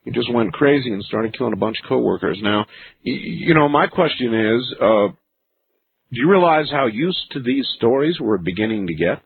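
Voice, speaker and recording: A man hosting a late-night call-in radio show, musing slowly with many fillers. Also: medium pitch, animated, gravelly, breathy edge. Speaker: radio talk show host. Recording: narrow phone-like radio broadcast with faint hiss.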